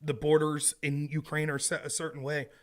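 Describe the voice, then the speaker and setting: A man's voice: on the high side, normal speed. A man hosting a solo political commentary show, from the United States, talking with a sarcastic, mocking edge. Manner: sarcastic, mocking impressions, grows loud and animated.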